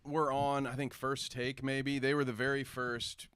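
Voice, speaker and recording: A man co-hosting a podcast in casual chat, animated and sarcastic, swearing and reading out viewer comments. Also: medium pitch, measured pace, clear, resonant tone, dry recording. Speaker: podcast co-host.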